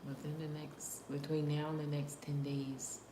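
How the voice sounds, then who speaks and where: A woman with a low voice hosts a casual livestream chat, speaking directly to her viewers. She slips into whispers now and then and laughs often. Her voice rings in a roomy space with faint background ambience. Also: completely flat delivery, moderate pace, noisy background. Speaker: livestream host. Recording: roomy room echo.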